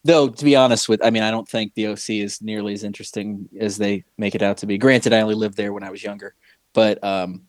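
A man's voice: lowish voice, steady tone, quick pace, dry recording. A man co-hosting a casual chat show, talking in long rambling stretches full of restarts and fillers. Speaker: podcast co-host.

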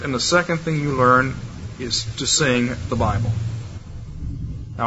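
Guy preaching, bright kinda forceful voice, slightly high, muffled lo-fi recording w faint room hum. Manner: demonstrative, lively delivery with varied pace and loudness. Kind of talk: sermon lecture.

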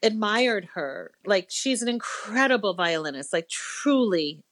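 A woman guest on a podcast, a cellist telling stories with lots of animation and casual cursing. Her voice sits at an ordinary middle pitch. It sounds very dry and close, with no room sound at all. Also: unhurried, no echo. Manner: animated storyteller who swears casually. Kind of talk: casual interview storytelling.

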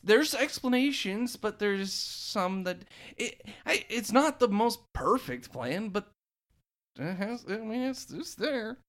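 A man co-hosting a casual chat, halting and restarting often as he talks. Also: sits high, expressive, fairly bright tone. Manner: halting, with lots of stammered restarts.

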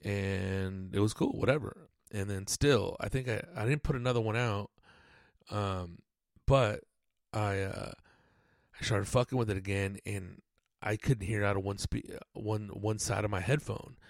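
A man's voice: on the low side, unhurried, gravelly, no room sound, clean studio sound. A man hosting a podcast, rambling casually and swearing often, with lots of fillers. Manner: rambling, profane, laid-back, lots of "dude" and fillers. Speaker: podcast host.

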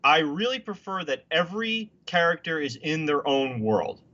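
A man's voice: fairly high pitch, lively intonation, normal speed, bright, forceful tone, muffled recording. A man in casual movie chat, opinionated and emphatic, sometimes mocking people with impressions.

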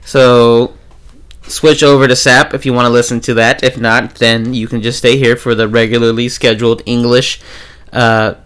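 A man's voice: medium pitch, flat delivery, normal speed, a bit bright, clear, resonant tone. Young man, podcast host, casual chat, joking rants. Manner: joking, ranting, laughs often.

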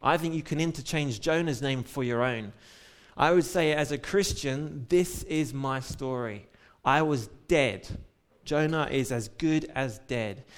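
Conversational male preacher retelling scripture. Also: medium pitch. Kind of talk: sermon. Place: church.

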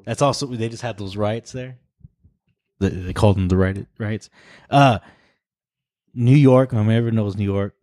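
A man's voice: fairly low pitch, normal speed, long pauses, dark tone, dry recording, studio quality. A man co-hosting a podcast, talking bluntly and with profanity in casual chat. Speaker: podcast co-host.

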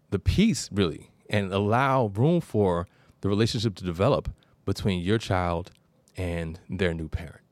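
A man hosts an advice show in a relaxed, conversational way. He tells stories and wanders off on tangents. His voice is low and sounds dry and close to the mic. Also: no room sound. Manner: conversational storyteller, digressive. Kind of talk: casual call-in advice talk.

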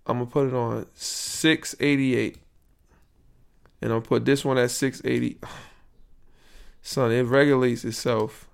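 A man's voice: mid-range voice, steady tone, slow pace, vocal fry, long pauses, clean tone. A young man hosting a casual podcast, rambling and slangy as he fiddles with his sound settings on a built-in computer microphone. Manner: rambling, troubleshooting audio live, slangy. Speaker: podcast host. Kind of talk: casual solo podcast chat.

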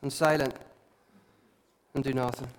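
A man, a lead pastor preaching a sermon with impassioned, repetitive emphasis and quieter asides. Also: mid-range voice, fairly even intonation, a little slow, slight background noise. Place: church hall.

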